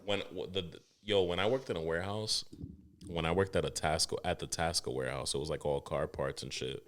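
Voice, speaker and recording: A man in his thirties hosting a podcast, talking in a loose, animated and profane way, often laughing. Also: low-pitched, brisk. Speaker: podcast host. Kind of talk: casual chat.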